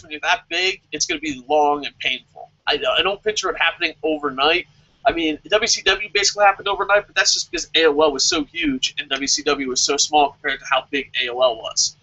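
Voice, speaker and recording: Bright-voiced, sarcastic man ranting. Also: a little high, creaky, muffled recording. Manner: animated, sarcastic and profane. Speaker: wrestling vlog host answering viewer questions. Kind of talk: casual opinionated commentary.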